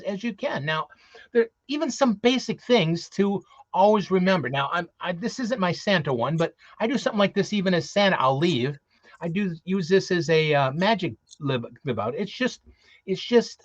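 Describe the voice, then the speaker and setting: A man's voice: fairly high pitch, a bit bright, no room sound. A man who performs as Santa, giving earnest, cheerful tips to other Santa performers in a casual live show. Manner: earnest, cheerful, repeats himself. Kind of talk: casual advice talk. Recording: dull, dry lo-fi audio.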